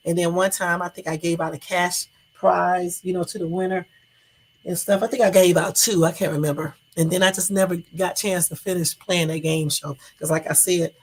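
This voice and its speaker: A middle-aged woman chatting loosely on her livestream, her voice husky and full of gravelly fry. She rambles from one thing to the next, swears freely and answers viewers' comments directly. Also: fairly low pitch. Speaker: livestream host. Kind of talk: casual livestream chat.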